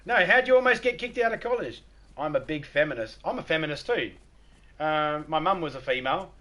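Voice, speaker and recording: A man's voice: high-pitched, fairly quick, pushed and bright. A middle-aged Australian man chatting casually on a live stream, joking, swearing and laughing often.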